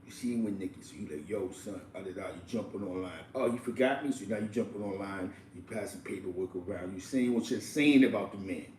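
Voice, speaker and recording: A man hosting street commentary, profane and animated, laughing often. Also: fairly low pitch, a little fast, few pauses, reverberant, recorded from a distance, a little hiss or hum, low-quality recording. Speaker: commentary host.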